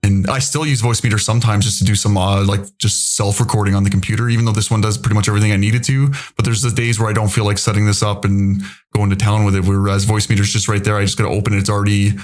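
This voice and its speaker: A man with a low voice talking casually as a podcast host. He is relaxed and chatty, trading tips over a streaming mic from his home setup. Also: quick pace, hardly any pauses. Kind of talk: casual chat.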